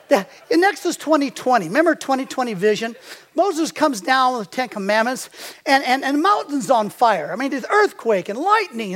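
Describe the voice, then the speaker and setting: A man's voice: very high voice, a bit bright. An older man preaching a sermon as a pastor. He tells stories and quizzes the congregation with fill-in-the-blank questions.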